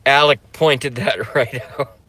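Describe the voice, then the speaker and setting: A man's voice: medium pitch, steady tone, takes it slowly, background noise. A man live-streaming a profane political rant, swearing a lot and breaking into giggles.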